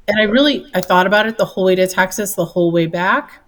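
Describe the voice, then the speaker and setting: A woman's voice: medium pitch, a little fast, far from the mic. A middle-aged woman telling a personal story as an interview guest, earnest and candid, laughing easily.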